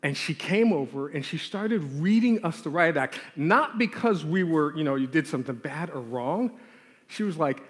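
Guy preaching, tells his story all animated, slightly high voice, long reverb like a big hall. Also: moderate pace. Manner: animated storyteller acting out his childhood scenes. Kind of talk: storytelling sermon with prayer.

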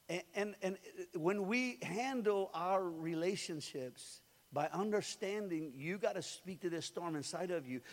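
Older guy preaching, pretty high voice, joking around, big echoey hall. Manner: animated, joking storyteller who swings from soft to loud. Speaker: pastor. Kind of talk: sermon. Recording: hall reverb.

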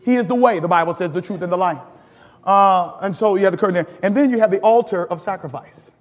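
A high-pitched male pastor leads a teaching sermon, calling out to the congregation for answers and amens. His voice rings with a long church-hall reverb as he laughs and climbs into sudden emphatic peaks. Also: quick pace. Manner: animated, call-and-response preaching with laughter and sudden emphatic rises.

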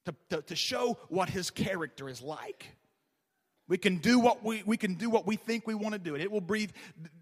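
A pastor preaching a sermon in a church, with a passionate, repetitive preaching cadence. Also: male voice, high voice, fairly bright tone. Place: church sanctuary. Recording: long reverb of a large hall.

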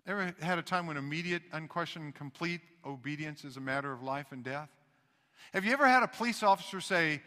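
A man preaching a sermon as pastor, talking conversationally and swinging between loud emphasis and hushed asides. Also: high-pitched, brisk, in a large hall.

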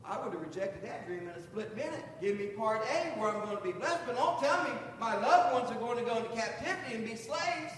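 A man's voice: high-pitched, lively intonation, fairly quick, hardly any pauses, fairly bright tone. A man preaching a sermon, retelling the story in a folksy way and acting out what the figures say. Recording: echoey hall with long reverb and faint noise.

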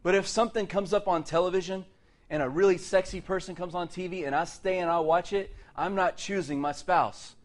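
Middle-aged male pastor, sermon delivery, animated and playful, slightly higher voice. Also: a little fast. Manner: lively, joking asides and laughs between points.

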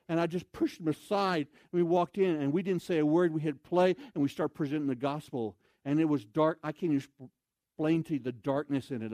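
A man telling a story in a sermon as an evangelist, animated, with loud exclamations and quoted voices. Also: a little high, no echo.

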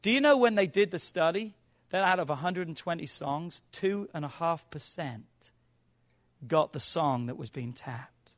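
A man with a high-pitched voice preaching a sermon. His delivery is animated and he acts out quoted arguments, at times climbing to a shout. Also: a little slow. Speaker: pastor.

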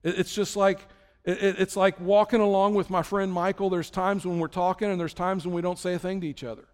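A man's voice: high-pitched, flat delivery, fairly quick, a little mellow, clean tone, in a large hall. A man preaching a sermon in a conversational way, acting out prayers and imagined talks with God. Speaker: pastor.

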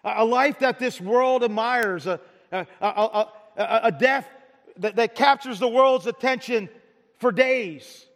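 High-voiced pastor in a reverberant hall. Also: male voice, unhurried. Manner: stammering restarts, rhetorical questions to the congregation. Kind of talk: sermon.

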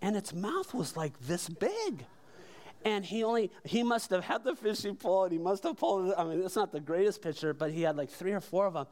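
A man's voice: high-pitched, lively intonation, a little fast, a little mellow. A man preaching a sermon as pastor, conversational and emphatic, with rhetorical questions to the congregation.

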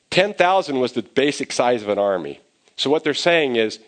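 A man preaching a sermon as pastor, conversational and growing animated as he retells scenes. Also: medium pitch, moderate pace.

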